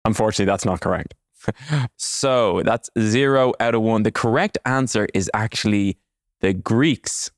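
A man's voice: fairly low pitch, moderate pace, no room sound, studio quality. A man in his thirties hosting a casual quiz, teasing and joking with his co-host.

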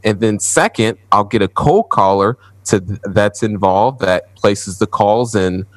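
A man's voice: lowish voice, unhurried, no room sound. A man in his thirties, a guest in a casual interview, laughing easily and walking through his process step by step. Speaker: guest, apartment investor.

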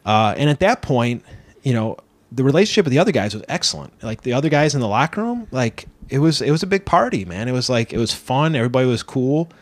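A man who wrestles, a guest on an interview show, telling stories in a casual, animated, rambling way, full of "like" and "you know". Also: mid-range voice, fast, no echo.

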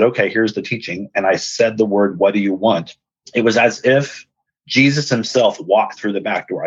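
A man's voice: on the low side, fairly bright tone, breathy edge, no echo, muffled recording. A man hosting a podcast, earnestly retelling a personal story and acting out the dialogue. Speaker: podcast host and speaker.

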